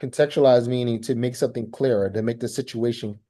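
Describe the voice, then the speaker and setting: A man lecturing a language class at a middle pitch. He keeps asking the student questions, repeating himself and restarting phrases as he explains. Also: steady tone, fast, dark tone. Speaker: teacher.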